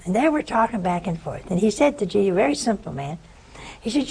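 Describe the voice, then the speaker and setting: A woman's voice: mid-range voice, fast talker, gravelly, breathy edge, low-quality recording. An older woman giving an informal spiritual talk, telling a story and acting out the people in it. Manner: storytelling, animated in quoted speech. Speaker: religious teacher.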